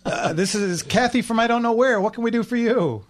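A man's voice: very high voice, fairly quick. A man co-hosting a casual talk radio show, brash and joking, also reading an ad in a studio.

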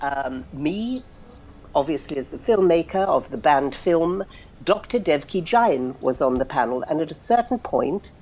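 A woman's voice: low voice, animated, unhurried, warm tone, highs cut off. A woman filmmaker, a podcast guest, telling her story in an emphatic, outspoken, impassioned way. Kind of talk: interview storytelling.

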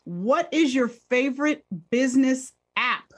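A woman hosting a business podcast in casual interview chat, upbeat and quick to laugh. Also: sits high. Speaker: podcast host.

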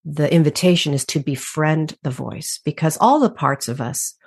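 Low-voiced woman guest, thoughtful and chatty, laughs a lot as she explains. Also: moderate pace, breathy edge. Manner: reflective, animated, laughs often. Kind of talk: conversational interview.

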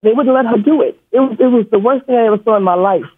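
Husky high-voiced caller with a stutter, on the phone. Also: male voice, racing. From New York. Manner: rambling, emotional, with hesitations. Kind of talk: call-in storytelling. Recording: tinny phone line.

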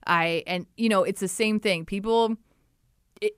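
A woman's voice: medium pitch, unhurried, clean tone, no echo, studio quality. A young adult woman co-hosting a podcast, talking openly and animatedly in casual chat. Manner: candid, animated, quotes people in playful voices. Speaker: podcast co-host.

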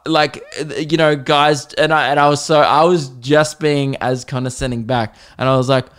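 Aussie comedy podcast guy ranting, sweary and mocking, smooth clear voice. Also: medium pitch, normal speed, hardly any pauses. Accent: Australian. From Australia. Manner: animated, profane, mocking. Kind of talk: comedic storytelling rant.

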